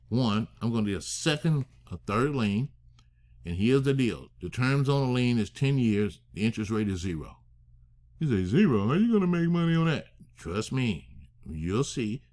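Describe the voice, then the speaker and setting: A man teaching a masterclass on structuring deals, emphatic, asking rhetorical questions and slowing down to stress key phrases. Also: lowish voice, expressive, darkish tone. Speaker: real estate finance instructor.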